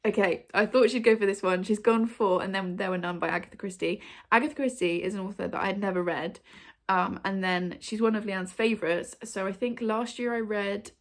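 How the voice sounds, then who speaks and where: A woman's voice: mid-range voice, fairly quick. A woman, hosting a book video and chatting to camera at home in front of her shelves. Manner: chatty, bubbly, many ums and likes. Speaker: booktube host. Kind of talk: casual chat to camera.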